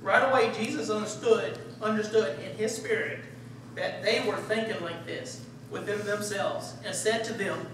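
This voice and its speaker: A man giving a conversational sermon, animated and acting out the voices of people in the story. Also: high voice, moderate pace. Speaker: preacher. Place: church sanctuary. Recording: echoey room, distant mic, faint hiss.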